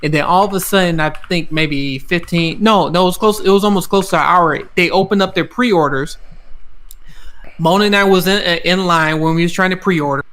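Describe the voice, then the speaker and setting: A man hosting a gaming podcast, telling stories in an excitable, casual way, swearing and laughing often. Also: sits high, fairly quick. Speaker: podcast host. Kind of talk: casual chat.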